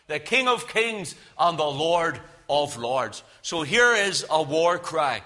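A man preaching a fervent sermon, swinging between hushed warnings and loud cries. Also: on the high side, expressive, measured pace, few pauses.

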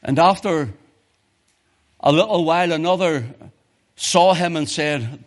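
Man, preaching a sermon, fairly high voice, shifts from loud fervour to hushed intensity. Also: moderate pace, long pauses. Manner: swings from loud impassioned climbs to low hushed intensity.

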